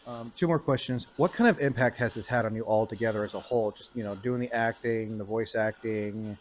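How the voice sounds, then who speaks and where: A man interviewing a guest at a convention, an eager fan who chimes in with quick asides. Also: lowish voice, poor audio. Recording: faint background noise.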